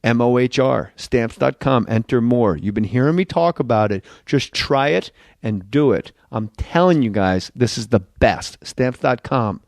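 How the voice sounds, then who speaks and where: A man's voice: mid-range voice, a little slow, vocal fry, few pauses, no echo, clean studio sound. A middle-aged man hosting a comedy podcast, joking around and reading an ad. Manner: animated, jokey, lots of put-on quote voices. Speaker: podcast host. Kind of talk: casual comedic chat and host-read ad.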